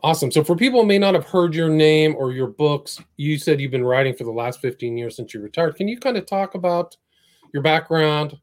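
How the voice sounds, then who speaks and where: A man's voice: on the high side, animated, fairly quick, a little mellow. A man hosting a podcast, introducing his guest and asking questions in an upbeat way. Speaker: podcast host.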